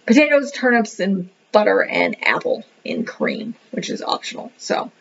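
A woman's voice: mid-range voice, wildly swooping pitch, normal speed, breathy edge. A woman giving a casual book review, rambling and thinking aloud as she leafs through the pages. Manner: rambling, thinking aloud, says "what the heck" a lot. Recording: dull lo-fi recording.

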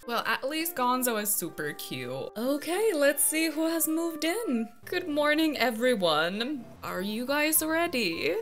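A woman's voice: high voice, a bit bright. A young woman vlogger giving casual commentary on her video game, dramatic and exasperated, laughing often. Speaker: gaming vlogger.

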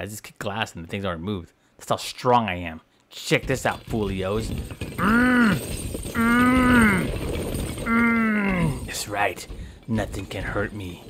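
Goofy, low-voiced man hamming up game commentary. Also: vocal fry, slight background noise. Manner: playful, melodramatic, mock-boastful with exaggerated groans of pain. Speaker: gameplay commentator.

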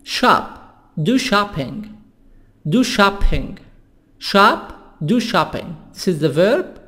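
Slow, high-voiced man teaching words. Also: sing-song, pushed and bright. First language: Arabic. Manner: repeats single words slowly and deliberately, with quick asides in Arabic. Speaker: English teacher. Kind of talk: vocabulary and pronunciation lesson.

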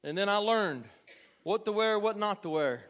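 A middle-aged male pastor preaching a sermon in church, repeating his words and building to shouts. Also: sits high, expressive, normal speed. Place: church sanctuary.

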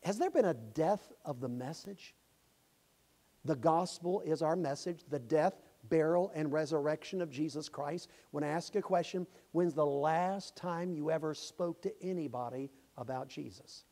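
A pastor preaching a sermon, impassioned and rising to shouts. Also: male voice, fairly high pitch, normal speed. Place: church sanctuary.

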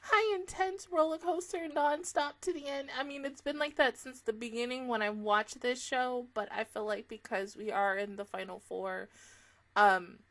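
A woman's voice: fairly high pitch, fairly even intonation, normal speed, fairly bright tone. A young woman giving a casual, emotional anime reaction review, gushing with frequent fillers and swearing.

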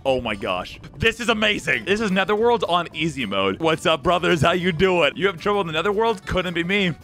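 A young man narrates his own gameplay in a bright, slightly raised voice that jumps all over the place in pitch. He is goofy and excitable and keeps up a running stream of jokes aimed at the game's creatures, with faint music playing underneath. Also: fairly quick. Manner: goofy, excitable, jokey banter with the game's mobs. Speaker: gaming YouTuber. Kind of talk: Minecraft let's play commentary.

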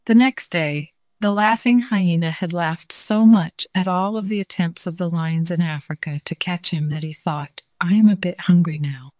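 A woman storyteller reading a children's story aloud in a gentle, clear way. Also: on the low side, moderate pace, few pauses, dry recording, clean studio sound.

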